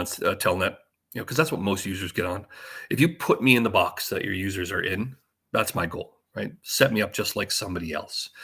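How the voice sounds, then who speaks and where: A man presenting a conference talk in a casual, joking and energetic way. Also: deep voice, breathy edge.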